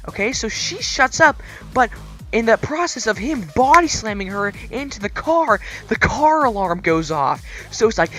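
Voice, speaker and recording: Bright-voiced teen guy telling a wild story. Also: a little fast, soft background music. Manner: animated, gets louder and higher as the story builds. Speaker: vlogger. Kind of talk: excited storytelling to camera.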